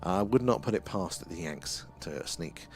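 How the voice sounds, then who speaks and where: A man's voice: low voice, expressive, measured pace. A British man hosting a casual night-time livestream outdoors, rambling with many fillers as he chats with viewers. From United Kingdom. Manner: rambling, lots of fillers and repeated "there". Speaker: livestream host reading viewer chat. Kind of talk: casual live-stream chat.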